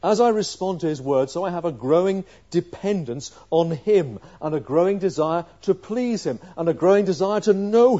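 A man preaching a sermon, emphatic, asking rhetorical questions and swinging between quiet and loud passages. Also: on the high side, lo-fi sound.

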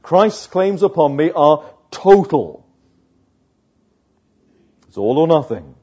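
A man preaching a sermon, slow and emphatic, with dramatic pauses between phrases. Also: fairly high pitch, big pitch swings, warm tone, breathy edge, highs cut off.

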